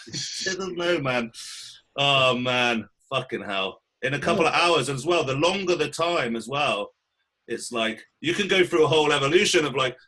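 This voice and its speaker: A man co-hosting a podcast, telling stories in a casual, sweary, animated way. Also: fairly high pitch, slightly rough. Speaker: podcast co-host. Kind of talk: casual chat.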